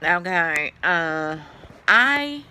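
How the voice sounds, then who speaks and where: A middle-aged woman with a drawl, talking straight to her phone camera. She sounds tired and keeps yawning, and she rambles and swears a little. Her voice is bright and her pitch rises and falls a lot. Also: big pitch swings, drawn-out words, smooth. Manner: chatty, rambling, swears and sighs. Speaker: vlogger. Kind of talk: casual chat to camera.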